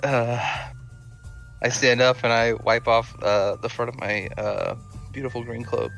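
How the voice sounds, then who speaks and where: A man's voice: mid-range voice, flat delivery, unhurried, vocal fry, a bit bright, soft background music. A man playing a tabletop game, casual and playful. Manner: giggly, playful. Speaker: player.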